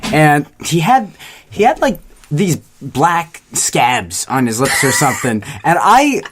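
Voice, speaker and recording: A man's voice: a little high, sing-song, slow pace, fairly bright tone, breathy edge. A young man cohosting a casual chat among friends, telling stories in a crude, joking way. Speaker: podcast cohost. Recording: faint background noise with clicks.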